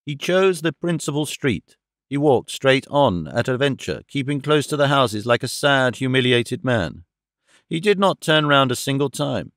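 A man narrating a classic novel audiobook in an even, steady storytelling manner. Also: medium pitch, measured pace, no room sound, studio quality.

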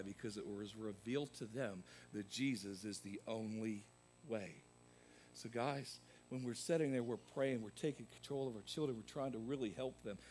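A man preaching a sermon as pastor, swinging from loud emphatic peaks to quieter asides. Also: fairly low pitch, a little hiss or hum. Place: church sanctuary.

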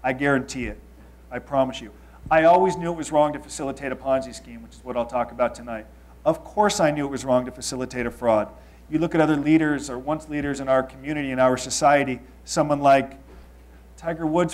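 A man in his thirties from Los Angeles, speaking as a storyteller before an audience. His voice sits at an ordinary middle pitch. He moves from punchy, louder statements into hushed, confessional asides. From Los Angeles, United States. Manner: confessional, swings between loud emphasis and quiet asides.

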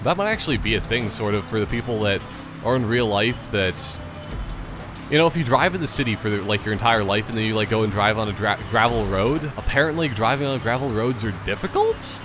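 A man's voice: on the low side, lively intonation, a little fast, music in the background. A man giving casual let's-play commentary, rambling and joking through tangents. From Canada. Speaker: gameplay commentator.

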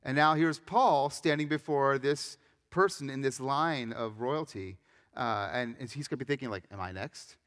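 A young adult man, a pastor, preaching a sermon with animated storytelling and acted-out voices. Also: medium pitch, normal speed, in a large hall. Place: church sanctuary.

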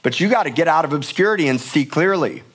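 A man's voice: on the high side, expressive, quick pace, husky. A middle-aged male pastor preaching a sermon in a church, emphatic and passionate, often repeating words for force. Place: church sanctuary.

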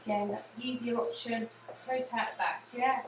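An English-accented fitness instructor leads a low impact cardio class, encouraging everyone and repeating cues like "again" and "yeah," sometimes out of breath. Her intonation is fairly even at a normal speed. Music plays, and the echoey room and distant mic give the recording a far-off sound.

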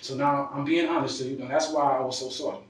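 A man's voice: mid-range voice, fairly even intonation, fast talker, distant mic. A man answering police questions in an interrogation, heated and defensive, using street slang. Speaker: interrogation suspect. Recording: echoey room recorded from afar.

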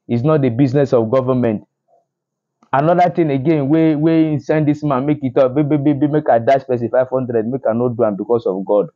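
A man's voice: mid-range voice, warm tone, dull audio. A man from Nigeria with a Nigerian Pidgin English accent, delivering indignant social media news commentary, often repeating himself and restarting words. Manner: indignant, repetitive, stumbling restarts.

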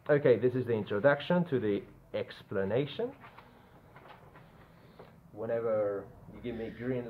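A man teaching an English grammar lesson, repeating key points and often checking whether students follow. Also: fairly high pitch. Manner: repetitive, checks understanding often. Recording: tinny phone-like audio with faint noise.

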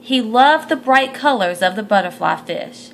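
A woman's voice: on the high side, expressive, moderate pace, gravelly, slight background noise, low-quality recording. A woman reading a children's picture book aloud, stopping to point at the pictures and ask the listeners questions. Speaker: storyteller.

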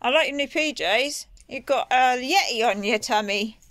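A woman gently and playfully coaxing her small daughter through a bedtime chat. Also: on the high side, moderate pace, no echo. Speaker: mother filming with her daughter.

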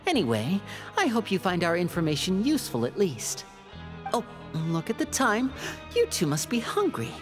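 A composed young investigator, calm, measured, low but lively pitch. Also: female voice, music in the background. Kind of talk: video game voice acting.

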